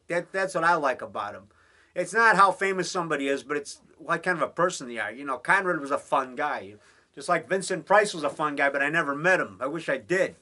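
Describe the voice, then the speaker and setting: A man with a bright, forceful, fairly high voice, rambling enthusiastically in a casual monologue. He loses his thread, restarts his sentences and leans on fillers as he chats from a basement room at home. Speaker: indie horror filmmaker hosting a home broadcast.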